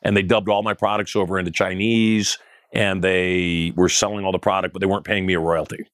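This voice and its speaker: A middle-aged man recounts his story as an interview guest in a low voice. He talks with animation and acts out the other people's lines. The sound is dry and close. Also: flat delivery, fairly quick, fairly bright tone, no room sound.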